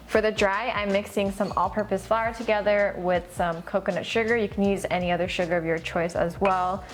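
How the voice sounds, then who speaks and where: A woman's voice: mid-range voice, steady tone, brisk, faint music behind. A woman hosting a cooking vlog, chatting upbeat and casual as she walks through a recipe in a home kitchen. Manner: upbeat, chatty, says "super" and "so good" a lot.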